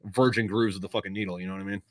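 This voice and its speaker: A man's voice: lowish voice, steady tone, rapid-fire, dry recording, studio quality. A man hosting a podcast in casual chat, swearing freely and explaining things at length. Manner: loose and profane, explains at length. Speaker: podcast host.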